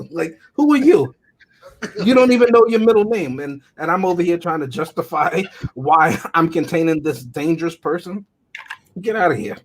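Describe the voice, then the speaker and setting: A man co-hosting a casual movie review show, talking animatedly, often laughing and acting out quotes. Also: fairly high pitch. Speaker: podcast co-host.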